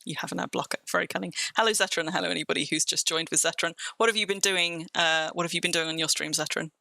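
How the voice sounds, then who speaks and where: Woman, southern English accent, streamer, casual rambling chat, bright tone, dry close sound. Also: lowish voice, fairly even intonation, fast, vocal fry, no room sound. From England. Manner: rambling, chatty, restarts her sentences. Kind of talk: casual live-stream chat while gaming.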